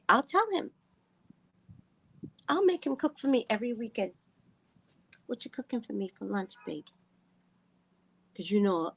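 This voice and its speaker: A woman vlogger casually telling a personal story to her viewers, animated and quick to laugh, with frequent asides to her audience. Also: medium pitch. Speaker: spiritual reader and vlogger.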